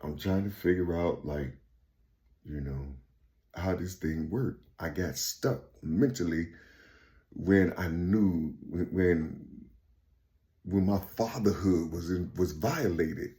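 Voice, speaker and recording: A man in a rambling, profane monologue who keeps repeating "you see" and swings between loud outbursts and quiet muttering. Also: sits low, slow pace.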